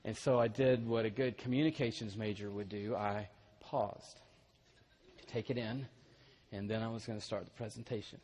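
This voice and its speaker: A middle-aged male pastor telling a personal story in a sermon, animated and growing loud and excited as it goes on. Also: lowish voice, moderate pace, a little hiss or hum.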